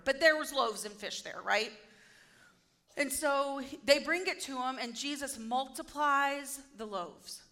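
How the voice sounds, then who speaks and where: A woman preaching a casual sermon, retelling a story and acting out the speakers' lines in a lively, conversational way. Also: on the high side.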